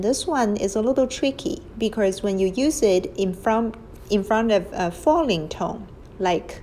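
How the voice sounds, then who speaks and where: Slow patient woman teaching characters. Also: mid-range voice, darkish tone, slight background noise, low-quality recording. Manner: patient, explains step by step, models tones aloud. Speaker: Chinese language teacher. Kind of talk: slow whiteboard lesson narration. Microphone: phone screen recording.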